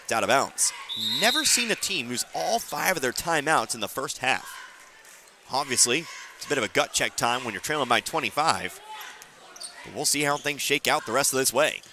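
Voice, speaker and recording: A man calling high school basketball play-by-play for radio, with a bright, forceful voice. He rattles off passes and scores, then drops wry comments between plays. Faint gym noise and bouncing balls sit behind him. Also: animated. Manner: quick play-calling with dry asides. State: hiccuping. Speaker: play-by-play announcer.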